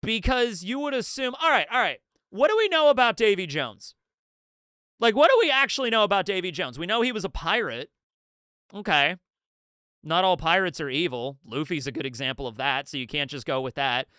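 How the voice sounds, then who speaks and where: A man on a live stream, rambling excitedly through a manga chapter breakdown, laughing often and acting out quotes. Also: sits high, a little fast, smooth, no room sound, studio quality. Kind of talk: casual live-stream commentary.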